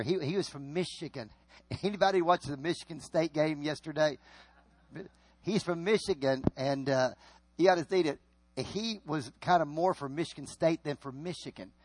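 Guy preaching a sermon, kinda high voice, dry close mic, swings loud then hushed. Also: no room sound. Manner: storytelling, rising to loud emphatic peaks and dropping to hushed asides. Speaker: pastor.

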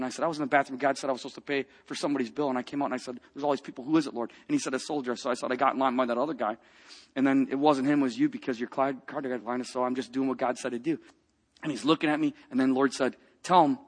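A man preaching a personal testimony, telling a story with lively acted-out quotes and dropping to a hush for tender moments. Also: a little high, husky. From grew up in a rough biker family.

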